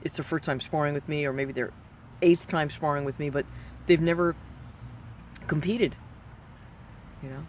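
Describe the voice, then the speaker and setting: A woman's voice: low-pitched, fairly even intonation, moderate pace, pauses often, slight background noise. A woman in her fifties, a professional fighter, giving an emphatic, rambling motivational talk. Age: 50s. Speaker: professional mixed martial arts fighter.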